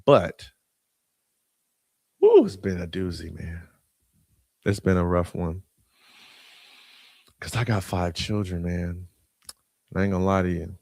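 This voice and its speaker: A man in his thirties hosting a live online community call, shouting out names with slangy, excitable energy and talking casually while sharing his screen. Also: low-pitched, slow pace, gravelly, pauses often, no room sound, studio quality. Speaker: host. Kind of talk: hype-filled live community broadcast.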